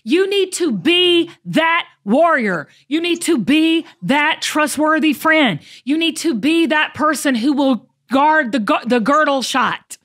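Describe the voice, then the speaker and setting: A woman's voice: high voice, slow pace, few pauses. A woman hosting a casual chat, talking emphatically and animatedly. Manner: emphatic, animated, preachy bursts. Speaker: show host.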